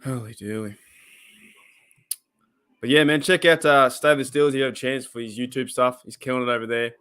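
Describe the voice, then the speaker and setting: Clear and resonant, with a mid-range pitch and fairly quick delivery, an Australian man hosts a casual football reaction on a live stream. He alternates rambling talk with excited play-by-play.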